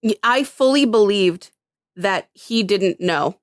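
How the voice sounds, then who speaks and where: A woman co-hosting a podcast in casual chat, animated and acting out characters' lines in quick bits. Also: medium pitch, no room sound, studio quality. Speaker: podcast co-host.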